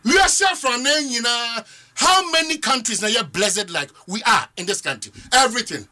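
A Ghanaian man delivers fervent talk-show commentary in a strikingly high, very bright voice. His pitch leaps and dips as he argues, and he drives each point home by repeating it. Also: animated, moderate pace. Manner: fervent, rhetorical, repeats phrases for emphasis. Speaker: political commentator.

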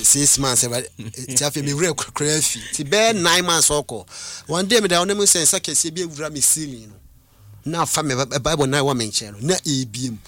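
A man recounting visions and a spiritual calling in a casual conversation, with halting restarts and English phrases mixed in. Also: mid-range voice, sharp tone, no echo. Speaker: guest.

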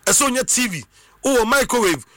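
High, sharp-voiced Ghanaian man shouting. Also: a little fast, no room sound, studio quality. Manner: excitable, bursts into shouts and sing-song. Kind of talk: animated monologue mixing Twi and English.

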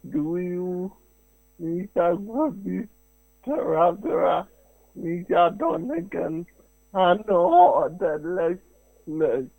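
Slow, gravelly-voiced young male caller. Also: high-pitched, lively intonation, a little mellow, no echo, low-quality recording.

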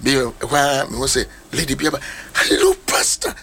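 A man preaches as a pastor, mixing Twi and English as he tells stories and puts on the voices of people he met. His delivery swings widely in pitch and carries a gravelly rasp. The tone is bright and forceful. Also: brisk, a little hiss or hum. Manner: animated storyteller, mixes Twi and English, acts out voices. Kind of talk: sermon talk on mentorship.

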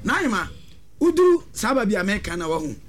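High-pitched emphatic man. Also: very animated, quick pace, fairly bright tone, slight background noise. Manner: earnest, emphatic, repeats phrases. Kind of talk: talk show discussion.

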